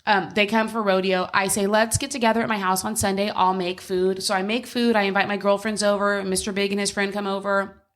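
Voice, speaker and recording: A woman co-hosting a podcast, telling a personal story in a blunt, candid way with plenty of swearing. Her voice sits at an ordinary middle pitch, and she talks casually as if to a close friend, from a home recording. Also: flat delivery, brisk, fairly bright tone. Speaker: podcast co-host. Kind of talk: casual chat.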